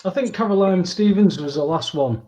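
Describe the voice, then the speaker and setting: A man's voice: high-pitched, normal speed, a crowd in the background, poor audio. A man, a guest on a casual show, chatting in a digressive way with many fillers. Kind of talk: casual chat.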